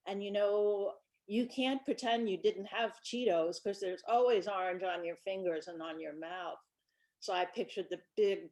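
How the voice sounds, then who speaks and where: A woman in her sixties, a children's book author, chatting through stories from her life in a relaxed presentation. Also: on the low side, normal speed. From Brooklyn, New York. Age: 60s. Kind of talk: casual storytelling presentation.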